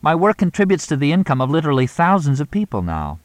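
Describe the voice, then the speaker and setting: A glamorous, weary film star, brisk and put-upon, her voice lifted well above the reader's own. A male narrator puts her on in a dry, close recording. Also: a little high, wildly swooping pitch, dry recording, voice pushed up. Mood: distressed.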